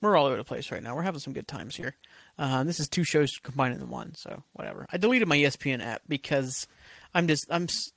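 A man's voice: medium pitch, expressive, quick pace, a bit bright, dry recording. A man hosting a solo podcast, ranting casually with constant swearing and rambling asides. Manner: profane, rambling, heated. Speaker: podcast host.

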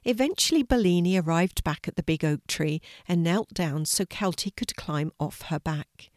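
An older woman reading a children's story aloud in a gentle storytelling manner. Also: lowish voice, no echo, clean studio sound.

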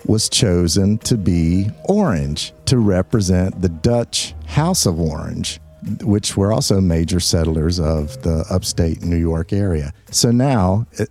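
A man's voice: low voice, warm tone. A man hosting a chatty talk, explaining a bit of history with jokes and asides. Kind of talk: casual storytelling chat.

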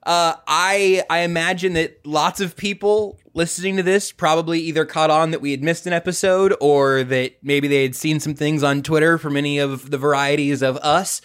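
A man's voice: on the high side, fairly even intonation, moderate pace, hardly any pauses, fairly bright tone, clear, resonant tone. A male podcast host chatting casually over a video call, rambling with fillers and self-deprecating jokes.

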